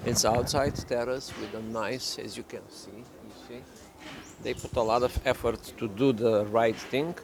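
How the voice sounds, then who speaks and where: A man's voice: mid-range voice, fairly even intonation, moderate pace, vocal fry, noisy background. A man co-hosting a casual chat on a cafe terrace, joking and rambling. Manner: joking, rambling, switches into mock voices. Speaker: vlog co-host.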